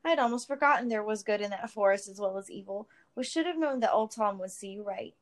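A woman's voice: mid-range voice, fast talker, lightly acted. Woman reading as a wry, stern hobbit father. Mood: fond. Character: hobbit father, relieved and teasing.

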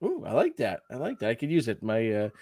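Here a male co-host recaps a TV episode in casual podcast chat, his medium-pitched voice swooping wildly in pitch. He talks fast, sounds a little mellow, laughs a lot, and acts out quotes. The studio sound is clean and dry.

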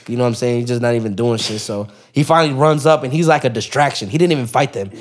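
Fast-talking, profane man telling a story. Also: medium pitch, a little hiss or hum. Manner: profane street slang, animated, keeps saying "bro"; acts out other people's lines in raised voices. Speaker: podcast guest. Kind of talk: casual storytelling.

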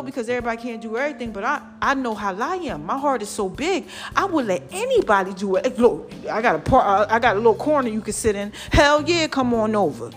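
A woman vlogger giving lively, preachy motivational talk straight to her viewers. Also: fairly high pitch. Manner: lively and preachy, calls viewers "child" and "y'all".

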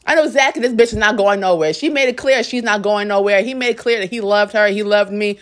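A woman's voice: mid-range voice, quick pace. Blunt, profane young woman storyteller. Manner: blunt, profane, talks straight to viewers; dramatic storyteller, acts out quotes. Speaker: vlogger. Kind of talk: candid storytime monologue.

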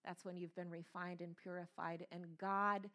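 A woman's voice: on the low side, flat delivery, moderate pace, bright, forceful tone. A woman preaching a sermon, emphatic and earnest, repeating key phrases and stretching words for weight. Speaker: pastor, speaker.

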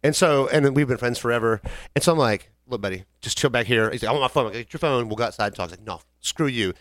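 A man's voice: mid-range voice, racing, fairly bright tone, dry recording, studio quality. A man co-hosting a podcast, telling a long rambling story in casual chat with quoted voices. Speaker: podcast co-host.

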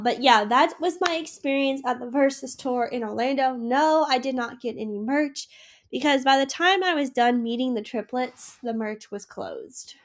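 A sick young woman hosting her own podcast, gushing and emotional in a rambling casual chat. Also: fairly high pitch. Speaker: podcast host.

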